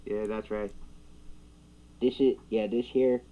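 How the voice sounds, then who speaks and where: A man co-hosting a casual livestream chat, teasing and joking with deadpan asides. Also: fairly low pitch, slow, narrow, tinny audio. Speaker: co-host.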